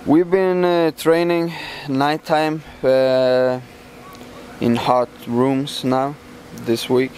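Fighter, halting casual answers. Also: male voice, mid-range voice, steady tone, darkish tone, slight background noise. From Sweden. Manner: halting, many fillers and restarts. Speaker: MMA fighter, champion.

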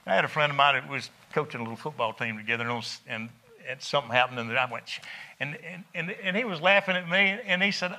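Folksy man preaching, bright voice. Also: on the high side, brisk. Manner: folksy, animated storytelling with laughs and rising emphasis. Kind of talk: sermon.

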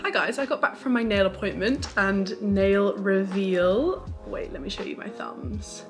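A young woman vlogs to camera in a chatty, upbeat way, dropping "like" into many of her sentences. Her voice is medium-pitched and a little slow, with background music playing under it.

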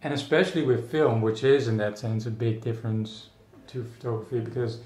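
An artist guest in a casual interview, a Dutch man with a darkish mid-range voice muses aloud in an echoey room. He's thoughtful and halting, restarting frequently and using lots of fillers.

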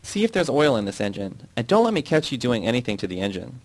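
A man reading aloud and voicing an angry male foreman who shouts his orders in a raised, strained voice. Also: medium pitch, very animated, fast talker. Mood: furious shouting. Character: furious bellowing male bus-depot foreman.

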